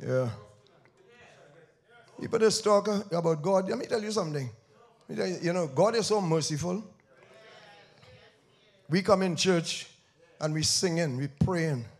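Gravelly-voiced preacher with a lilt. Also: male voice, animated, normal speed, pauses often. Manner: swings from shouted emphasis to low quiet intensity, repeats phrases. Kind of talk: sermon. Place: church.

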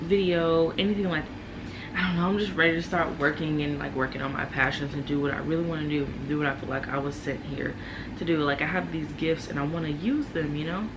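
A woman's voice: deep voice, steady tone, a little fast, noisy background. A young woman vlogging casually to camera, rambling candidly with many fillers, tired and yawning. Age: young adult.

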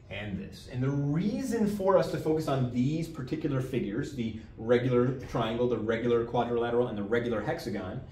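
A man with a mid-range, darkish voice teaches a geometry lesson in a classroom as a math teacher, repeating key terms and checking in with "all right?". The lecture is recorded from a distance in a roomy space, with faint background noise.

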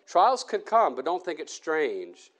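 A man's voice: fairly high pitch, wildly swooping pitch, measured pace, a bit bright. A man preaching a church sermon in an earnest, conversational way, often restarting his sentences. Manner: earnest, with frequent restarts and fillers.

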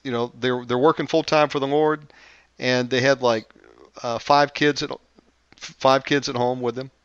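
A man's voice: mid-range voice, steady tone, moderate pace, fairly bright tone, clear, resonant tone, no room sound. Rambling male TV host, dull dry sound. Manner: rambling, many fillers and restarts, chuckling. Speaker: show host. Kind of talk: casual storytelling.

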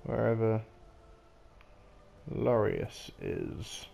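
A man's voice: lowish voice, wildly swooping pitch, very slow, creaky, warm tone. A young man chatting sarcastically as he plays through a game, with exasperated asides. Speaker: gaming video host. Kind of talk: casual let's play commentary.

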